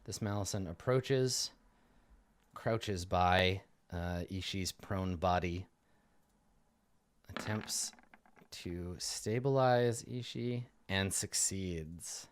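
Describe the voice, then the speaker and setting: A man running a tabletop game as game master, narrating in a casual, animated way with many fillers. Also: low-pitched, extremely slow, long pauses.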